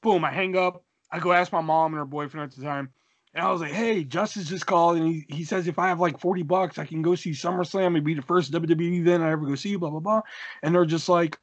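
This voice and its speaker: A young man co-hosting a podcast, telling a story in a casual, animated way, swearing and acting out the dialogue. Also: on the high side, quick pace, dry recording. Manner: animated, profane, acts out dialogue. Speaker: podcast co-host.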